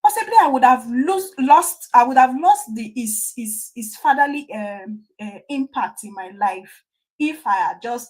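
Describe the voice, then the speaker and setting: A middle-aged woman with a Nigerian accent gives a motivational family talk. Her voice sits a little high and has a breathy, husky edge. She tells stories from her own life, loops back over her phrases and drops in laughs. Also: expressive, normal speed. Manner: storytelling with laughs, repeats phrases for emphasis. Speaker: family coach.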